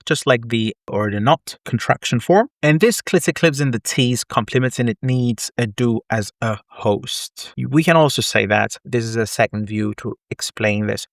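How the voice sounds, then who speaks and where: A man's voice: mid-range voice, gravelly, fairly bright tone, no echo, studio quality. A man teaching an online syntax lesson, explaining step by step with frequent self-corrections and wry asides. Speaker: linguistics lecturer.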